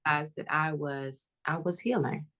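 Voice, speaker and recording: A woman's voice: low-pitched, fairly even intonation, moderate pace, fairly bright tone. A woman guest on a podcast, talking earnestly and reflectively about her family.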